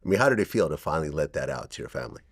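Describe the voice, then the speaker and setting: A man's voice: rumbling low, very animated, rapid-fire, vocal fry, husky, dry recording, clean studio sound. A man interviewing a guest, asking direct, brief prompting questions.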